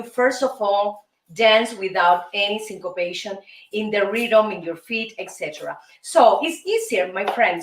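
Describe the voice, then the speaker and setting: A woman with a Cuban Spanish accent teaches salsa in a high voice, counting the steps out loud. She speaks slowly, sounds far from the mic in a roomy, echoing space, and salsa music plays faintly behind her. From Cuba. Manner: counts steps aloud and chants rhythm syllables; enthusiastic, encouraging, calls viewers "my friends". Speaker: host and dance teacher. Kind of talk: salsa dance lesson.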